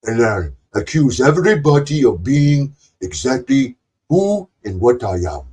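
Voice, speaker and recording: A man's voice: medium pitch, big pitch swings, a little slow, a little mellow, slightly rough. A man doing a mocking impression of a boastful, self-pitying man, with a put-on Indian accent in a rambling confessional monologue.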